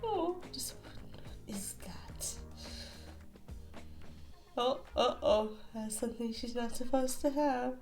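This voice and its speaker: A woman's voice: on the high side, animated, takes it slowly, pauses often, a little mellow, faint music behind. A woman hosting a reaction video, exclaiming, laughing and cooing at funny animal clips in casual commentary. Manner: exclaims often, laughs a lot, coos at animals.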